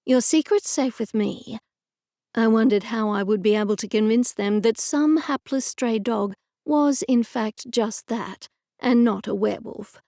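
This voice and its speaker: A woman narrating a cozy mystery audiobook in a measured first-person storytelling manner. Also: a little high, dark tone, no echo, clean studio sound.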